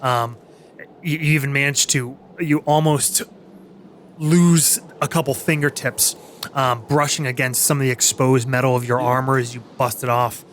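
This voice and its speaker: Male game master, halting narration, medium pitch, faint background noise. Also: fairly even intonation, a bit bright. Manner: halting, many fillers and restarts.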